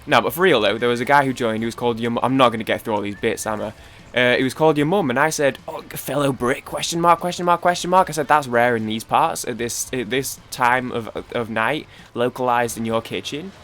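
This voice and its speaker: A man's voice: mid-range voice, fairly quick, fairly bright tone. A young man with a Manchester accent, rambling casually while playing a game, interrupting himself and swearing. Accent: Manchester English. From Manchester, England. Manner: rambling, self-interrupting, swears, trails off mid-story. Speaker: gaming YouTuber.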